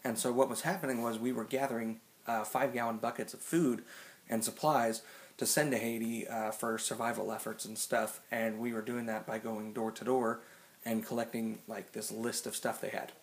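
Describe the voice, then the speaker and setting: A man's voice: medium pitch, fairly even intonation, normal speed. A young man in his late teens telling a funny story to camera, rambling and full of "like" and restarts. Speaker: vlogger.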